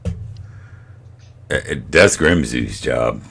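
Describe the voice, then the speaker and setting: A man's voice: rumbling low, lively intonation, drawn-out words, vocal fry, fairly bright tone, husky. A man playing a tabletop game, laughing easily and joking with the game master. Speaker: player.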